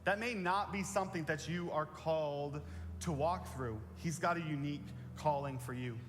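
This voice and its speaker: Pastor, man, slightly high voice, conversational sermon with repeated key lines, long church reverb. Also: normal speed, soft background music. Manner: earnest, plain-spoken, repeats key phrases. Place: church sanctuary.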